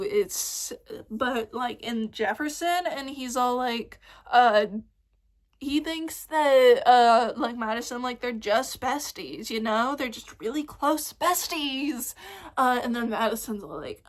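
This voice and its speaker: A young woman ranting excitedly in a casual fan vlog, rambling with lots of fillers and swearing. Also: fairly high pitch, slow pace. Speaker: vlogger.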